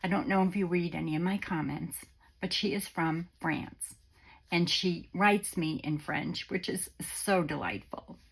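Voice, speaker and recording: Slow, gravelly-voiced woman vlogger, unwell. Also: on the low side. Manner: gentle, sentimental, unhurried. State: unwell, on antibiotics. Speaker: crafting channel host. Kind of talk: casual vlog chat to viewers.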